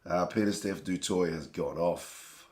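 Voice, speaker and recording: A man, hosting a sports watch-along stream, chatting with viewers by name while his voice is hoarse and going. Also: low-pitched, unhurried, darkish tone. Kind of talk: live stream chat reading viewer comments.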